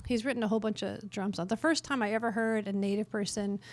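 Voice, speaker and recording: A woman's voice: medium pitch, fast talker. Middle-aged Canadian woman telling stories. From northern Canada. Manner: lively, self-mocking humor, many fillers. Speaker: workshop speaker on worship. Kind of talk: storytelling in a conference talk. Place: conference workshop room.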